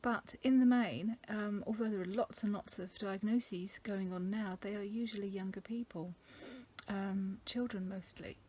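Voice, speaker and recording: A middle-aged woman from England talking casually to camera, thoughtful and halting, with many ums. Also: mid-range voice, steady tone, mellow, husky. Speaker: vlogger. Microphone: camera mic.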